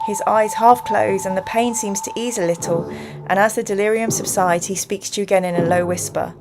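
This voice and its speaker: A woman's voice: mid-range voice, fairly even intonation, normal speed, over music. A woman hosting a livestream, reading a gamebook aloud and chatting with viewers with plenty of giggles. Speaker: streamer and game host.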